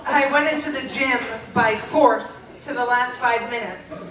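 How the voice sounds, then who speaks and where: A woman reading her teenage diary aloud at a live stage show, deadpan and often breaking into laughter. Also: on the high side, unhurried, far from the mic, noisy background. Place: theater stage before a laughing audience. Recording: roomy live theater recording with loud audience.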